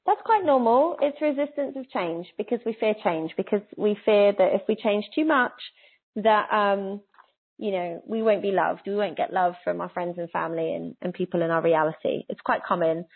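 A woman guides a listener through a spiritual reading in a soft, coaxing voice, lingering on the phrases that matter most. Her voice sits at an ordinary middle pitch. She comes through a laptop call, so the sound is thin and tinny, like a phone line. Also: gravelly, slightly rough. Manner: soft, earnest, coaxing, slows down on key phrases. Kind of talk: live online spiritual reading. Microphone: laptop on a video call.

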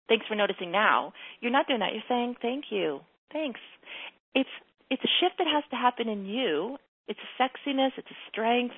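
A woman relationship coach talks a caller through her confidence in an emphatic, repeating way. Her voice sits mid-range and comes through a narrow, phone-like band, like a radio broadcast. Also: medium pitch. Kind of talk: radio advice call.

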